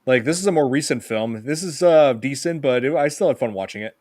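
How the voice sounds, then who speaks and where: A man's voice: medium pitch, fairly quick, no echo, clean studio sound. A man hosting a podcast, talking casually about horror films with lots of fillers and restarts. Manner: relaxed, many fillers and restarts. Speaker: podcast host.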